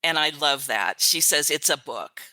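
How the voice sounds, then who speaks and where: A woman's voice: deep voice, animated, sharp tone, no echo. An older woman, a grandmother, chatting as an interview guest and telling stories with a ready laugh. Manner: chatty storyteller, quick to laugh. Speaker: author's virtual assistant, guest. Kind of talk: casual interview chat.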